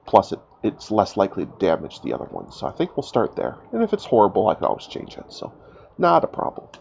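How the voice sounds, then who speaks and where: A stuffed-up man with a low, gravelly voice talks his way through a game, his pitch jumping lively. He thinks aloud and jokes about his own choices. The mic sounds dull and lo-fi, with a faint hiss. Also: fast talker. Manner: chatty, self-mocking, thinking aloud. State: stuffed up from a cold. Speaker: gaming YouTuber. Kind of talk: casual let's-play commentary.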